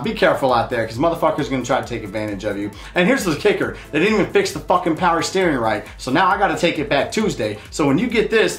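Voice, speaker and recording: A man hosts his own show and rants about a bad experience, swearing freely and heatedly. His voice carries a roomy echo, with faint music underneath. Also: a little high. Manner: profane, heated storytelling. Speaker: show host. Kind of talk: casual ranting monologue.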